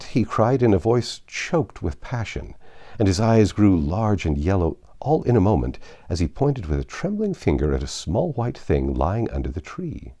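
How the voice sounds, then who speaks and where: A man with a very low, gravelly voice reads a classic storybook aloud. His delivery is theatrical, with wide sweeps of pitch and a dark, mellow tone. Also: normal speed. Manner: expressive, theatrical reading. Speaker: narrator. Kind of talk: scripted narration of a classic novel.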